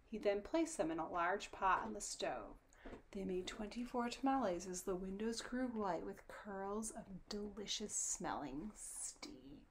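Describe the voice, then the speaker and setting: A woman reading a children's storybook aloud, her narration soft and often dropping to a whisper. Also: medium pitch, animated, a little slow, a little hiss or hum.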